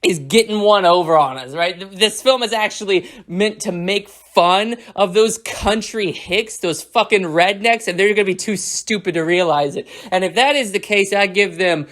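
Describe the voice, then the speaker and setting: A reviewer tearing into a movie in a mocking, sarcastic rant, thick with profanity. The voice sits in a middle pitch and the delivery keeps sneering throughout. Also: moderate pace, hardly any pauses, fairly bright tone. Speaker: film reviewer.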